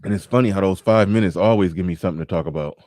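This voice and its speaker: A man's voice: low voice, rapid-fire, darkish tone, dry recording. Man, show host, casual commentary, rambling, stammering restarts, dry close sound.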